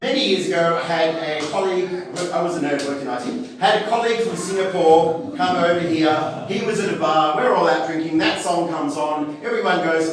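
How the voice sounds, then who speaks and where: A man works a live crowd in character, his voice pitched noticeably high. He talks in a chatty, self-deprecating way and keeps breaking off for asides. The sound is heavily echoey and distant, as if picked up from across a large venue. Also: fast, hardly any pauses. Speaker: stand-up comedian. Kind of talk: live stand-up comedy in character. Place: comedy festival stage before a live audience.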